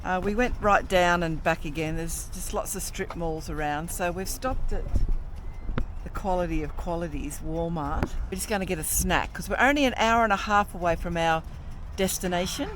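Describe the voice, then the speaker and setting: A woman's voice: fairly low pitch, normal speed. A middle-aged Australian woman chatting wryly and bluntly as she films a travel vlog outdoors, swearing casually. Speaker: travel vlogger. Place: outdoors in a town, by motorbikes. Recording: outdoor recording with clear street noise.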